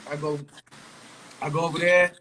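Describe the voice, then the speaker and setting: A man's voice: fairly high pitch, level tone, normal speed, pushed and bright. A man hosting a casual hip-hop conversation, talking bluntly and with emphasis in heavy slang. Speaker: host.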